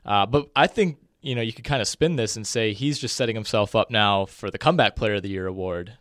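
Man, young adult, podcast co-host, casual basketball talk, smooth tone, deepish. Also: no echo, clean studio sound. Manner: relaxed, joking, quick asides. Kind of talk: casual sports chat.

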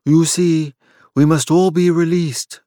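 A man voicing a calm, scheming leader in an audiobook, measured and deliberate. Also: fairly high pitch, no room sound, studio quality, pitched above the performer's own voice. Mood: firm.

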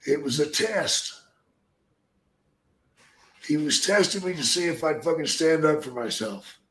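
An older man telling profane stories in casual chat, with a gruff manner and loud acted-out quotes. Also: fairly high pitch, lively intonation, unhurried. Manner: gruff, swears constantly, acts out quotes loudly. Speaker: podcast guest, storyteller. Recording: echoey room.

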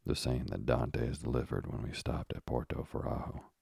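A man playing a scheming ship's officer, low and husky. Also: steady tone, normal speed, darkish tone, no room sound, studio quality, heavily acted. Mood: insinuating.

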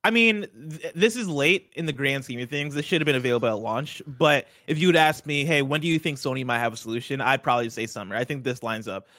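A man's voice: mid-range voice, fairly bright tone, no room sound. A man co-hosting a casual gaming news show who banters playfully. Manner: playful banter, quick talker. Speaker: co-host.

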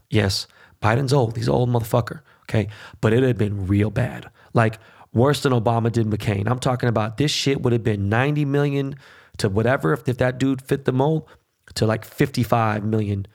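A man's voice: medium pitch, moderate pace, creaky, darkish tone. A man hosting a podcast, in a heated, profane political rant with frequent "okay?" check-ins. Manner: heated, swearing constantly, repeats "okay?". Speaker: podcast host.

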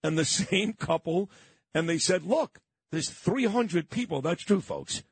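New radio host in his fifties, husky voice, lively pitch, sentimental rambling storyteller. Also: unhurried, dry recording. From Brooklyn, New York. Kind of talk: reminiscing on-air chat.

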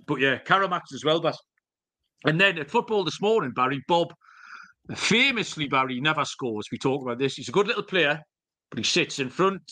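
A middle-aged podcast co-host tells rambling, jokey stories in casual chat, swearing here and there. His voice sits on the high side, bright and forceful.

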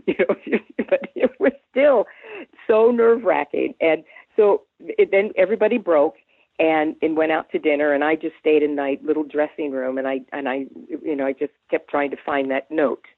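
A woman in her seventies, a guest on an interview, telling an anecdote in a lively way, humming tunes and restarting her sentences. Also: low-pitched, no room sound. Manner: animated storyteller who hums tunes and restarts often. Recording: dry, tinny phone line.

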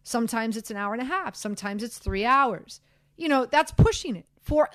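A woman hosts a sports talk show, rambling and animated with plenty of fillers and asides. Her voice sits a little high and comes through a dry studio mic with no room sound. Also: normal speed, no room sound. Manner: animated, chatty, self-deprecating, many fillers. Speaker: sports radio host. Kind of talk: casual sports talk chat.

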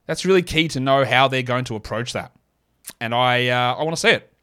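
A man with an Australian accent hosting a solo podcast, chatting casually and thinking aloud with quick asides. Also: medium pitch, a bit bright, clear, resonant tone. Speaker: podcast host. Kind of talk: solo sports analysis podcast.

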